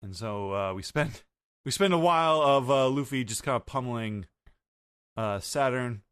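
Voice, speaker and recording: A man hosting a podcast, recapping an anime episode in a casual, halting way with many fillers. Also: mid-range voice, a bit bright, clear, resonant tone, no echo. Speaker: podcast host.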